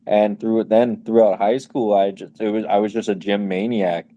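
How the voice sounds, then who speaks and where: A man's voice: fairly low pitch, fairly even intonation, moderate pace, mellow, highs cut off. A man in his twenties co-hosting a podcast, telling stories in casual slangy chat and laughing often. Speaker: podcast co-host.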